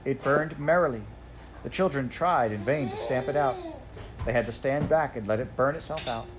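A man narrates a classic children's storybook in a measured, unhurried way. His voice sits at an ordinary middle pitch, and a faint hiss lies under the reading. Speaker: audiobook reader.

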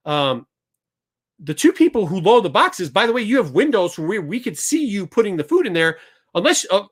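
A middle-aged man hosts a show and tells a story with plenty of animation, acting out the other people in it. His voice sits somewhat high for a man. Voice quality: animated, acts out both sides of the exchange. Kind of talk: storytelling to a studio crew.

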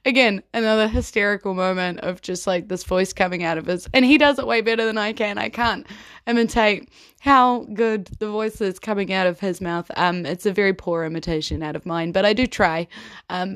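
A woman's voice: mid-range voice, fairly quick, a bit bright, dry recording, clean studio sound. Chatty New Zealand woman. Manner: chatty, laughs often, many ums. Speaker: podcast host and game master. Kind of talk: casual storytelling monologue.

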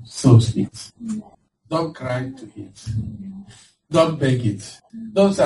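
A man preaching a lively sermon as pastor, laughing often and acting out voices of the people he describes. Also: on the high side, measured pace. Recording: distant mic with faint background noise.

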